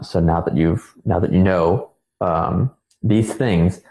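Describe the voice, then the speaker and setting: A young man who works as a counselor, explaining parenting ideas in a relaxed, casual way, with many fillers and repeated words. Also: low voice, echoey room, rough recording. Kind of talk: casual educational talk.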